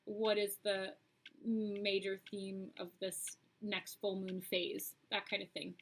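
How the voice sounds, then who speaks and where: A woman's voice: mid-range voice, flat delivery, slow, a little hiss or hum, low-quality recording. A woman hosting a live-streamed oracle card reading, chatting straight to her viewers with frequent "um"s.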